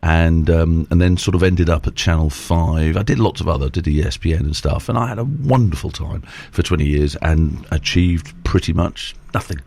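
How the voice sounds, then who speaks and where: A man's voice: deep voice, moderate pace, creaky, few pauses, a little mellow. A middle-aged man, a presenter and auctioneer, telling long self-deprecating stories in casual chat.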